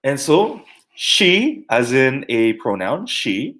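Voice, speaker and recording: Animated man teaching martial arts terms. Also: medium pitch, slow pace. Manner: animated, jokey, sings and mimics to teach words. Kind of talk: teaching terminology with playful mnemonics.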